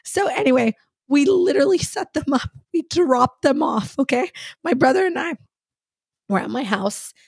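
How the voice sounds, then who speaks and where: A woman co-hosting a podcast in casual chat, an animated storyteller who acts out the people she quotes. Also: high-pitched, moderate pace, vocal fry, no room sound, studio quality. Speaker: podcast co-host.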